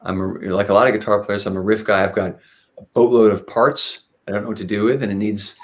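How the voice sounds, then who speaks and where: A man's voice: fairly low pitch, quick pace. A man, a guest musician, telling stories in a casual interview, rambling with frequent restarts and fillers. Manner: lively when retelling anecdotes. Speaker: guest musician, singer and guitarist.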